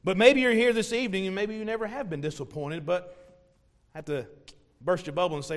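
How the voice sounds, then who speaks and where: High-voiced preacher in a reverberant church. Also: male voice, steady tone, brisk. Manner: conversational, joking with congregation, acts out voices. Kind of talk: evening sermon. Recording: long hall reverb.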